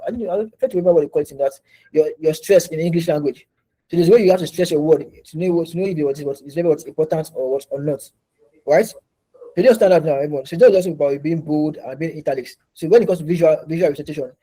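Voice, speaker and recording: Male online instructor, rapid, looping delivery, dark and husky tone. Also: fairly high pitch, rough recording. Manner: repetitive, restarts often, quizzing students. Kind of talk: online class teaching. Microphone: video call.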